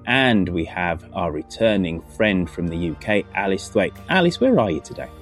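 A man's voice: deep voice, big pitch swings, normal speed, soft background music. A man hosting a podcast, introducing the show and guests in a polished, genial presenter manner. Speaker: podcast host. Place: home.

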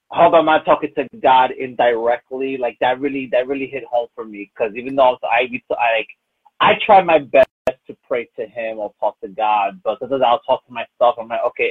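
A man's voice: medium pitch, slightly rough, no echo. A man hosting a podcast interview, talking in a rambling, emotional way with many fillers and restarts. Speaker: podcast host. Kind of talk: casual interview chat. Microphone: phone call. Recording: muffled phone-like call audio.

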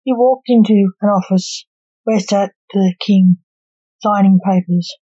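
A woman storyteller reading a story aloud in a calm, even way. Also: medium pitch, measured pace, breathy edge, no echo. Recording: dull lo-fi recording.

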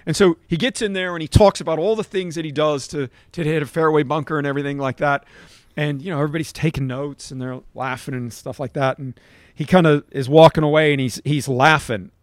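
A man's voice: on the high side, fairly even intonation, fairly quick, dry recording. A middle-aged man, a golf coach on a podcast, telling stories emphatically and checking in with "right?". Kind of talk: animated anecdote-telling in conversation.

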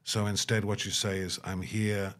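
A humanitarian worker, interviewed as a guest, reflects earnestly on his work and acts out quoted dialogue with rising pitch. His voice is fairly bright with a flat delivery at a normal speed.

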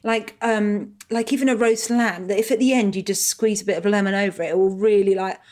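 A woman's voice: mid-range voice, steady tone, a little fast, a little mellow. A woman, a podcast guest in casual chat, playful and thinking aloud.

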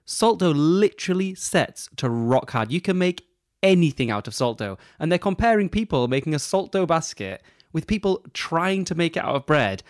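A man co-hosting a podcast, chatting casually and opinionatedly, quick to laugh. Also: a little high, animated, dry recording, clean studio sound. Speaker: podcast co-host. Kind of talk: casual chat.

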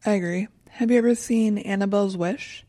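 Woman, casual podcast chat, warm mellow tone, enthusiastic. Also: medium pitch, fairly quick, no echo, studio quality.

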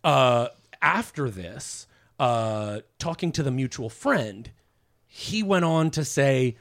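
A man's voice: mid-range voice, expressive, slow pace, a bit bright. A man telling an art history story on a casual podcast, rambling with many fillers and restarts. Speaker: podcast guest explaining history. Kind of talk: casual chat.

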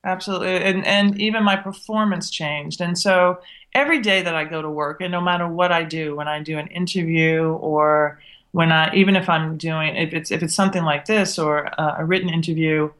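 A middle-aged woman from the South, a guest who tells her stories in an animated way and acts out the exchanges she remembers. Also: sits low, normal speed. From Southern United States. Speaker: guest, TV chef. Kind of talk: interview storytelling.

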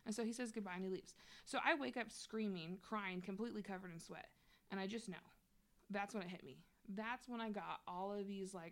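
A young adult woman sharing a personal story in relaxed conversation. Her speech is loose and slangy, with casual swearing and a candid, unguarded manner. Her voice sits in an ordinary middle pitch. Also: fairly quick. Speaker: guest telling a personal story.

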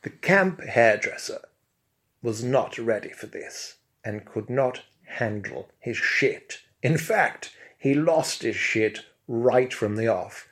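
A man's voice: medium pitch, lively intonation, slow, fairly bright tone. A man narrating an absurd comic tale in a pompous, mock-grand manner. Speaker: comic storyteller.

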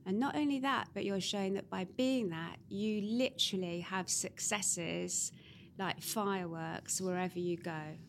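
A woman's voice: mid-range voice, unhurried, gravelly, a little hiss or hum. Effusive woman hosting a podcast. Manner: warm, effusive praise. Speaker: podcast host. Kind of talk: interview wrap-up.

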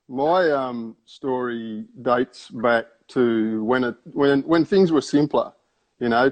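A man's voice: mid-range voice, poor audio. A man, a stand-up comedian who starts his story with a wry, meandering build-up full of hesitations.

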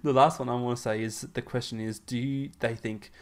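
A man's voice: mid-range voice, fairly even intonation, fairly quick. A man with an Australian accent hosting a casual podcast chat, joking and laughing often as he runs through a list. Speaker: podcast host.

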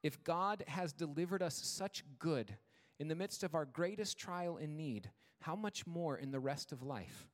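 A male pastor in his thirties preaching in a measured, earnest way, leaning on slow repeated words for emphasis. His voice sits a little high for a man. The sound carries the long reverb of a church hall. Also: animated. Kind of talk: sermon. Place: church sanctuary.

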